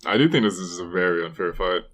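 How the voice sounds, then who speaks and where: A man's voice: deep voice, quick pace, fairly bright tone, dry recording, clean studio sound. A young man co-hosting a casual podcast, hedging his claims and playfully protesting. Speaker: podcast co-host.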